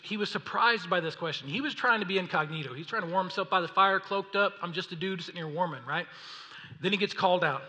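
A man preaching a sermon, reading scripture and acting out the people in the story in an animated way. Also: high voice. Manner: animated, acts out voices of the story. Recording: long reverb of a hall.

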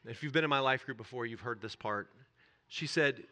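A man shares a raw personal testimony before a church group. His voice is bright and forward, with hesitant restarts, sinking to near-whispers on the painful parts and lifting with energy when he is stirred. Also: mid-range voice. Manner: earnest, halting confession that drops to near-whispers and swells when stirred. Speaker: church speaker.

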